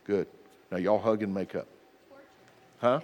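A man's voice: on the low side, fairly even intonation, a little slow, big-room sound, highs cut off. A middle-aged man, a pastor, preaching a sermon in an earnest, plain-spoken way with repeated exhortations.

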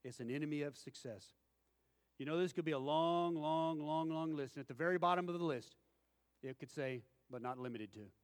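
Folksy preacher in a reverberant hall. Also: male voice, a little high, brisk, smooth. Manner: folksy storytelling with acted-out quotes. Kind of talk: sermon.

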